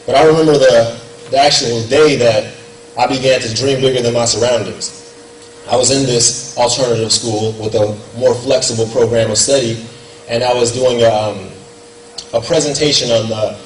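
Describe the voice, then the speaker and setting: A man's voice: medium pitch, steady tone, moderate pace. A young man giving an earnest, conversational storytelling speech at a gala in a banquet hall. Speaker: guest speaker. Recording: echoey hall heard from far off, faint room noise.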